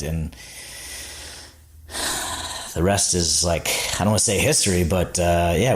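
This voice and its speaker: With a very low, deep voice, a snack bar founder from Florida recounts how his company began during a relaxed, casual storytelling interview on a podcast. He's an animated storyteller who acts out the people he quotes, peppering his speech with "like" and "I was like."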